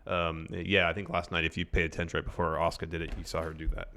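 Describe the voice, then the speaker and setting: Deep-voiced man reading off a list. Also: flat delivery, fast, pushed and bright. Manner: reads from an article, dry asides. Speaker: podcast co-host. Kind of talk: casual chat.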